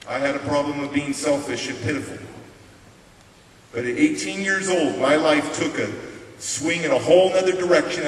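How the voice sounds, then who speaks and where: A fairly high-voiced man delivers a live motivational talk. He tells his story with animated emphasis and drives points home by repeating them. The sound is roomy and distant, with a faint hiss under it. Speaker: motivational speaker. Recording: echoey hall from far off, faint hiss.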